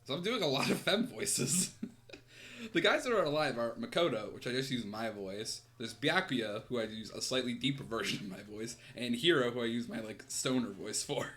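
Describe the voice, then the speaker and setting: Chatty male game streamer, lively voice. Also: medium pitch, normal speed, faint music behind. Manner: chatty and self-mocking, laughs at his own voices. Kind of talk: let's-play commentary and voicing game dialogue.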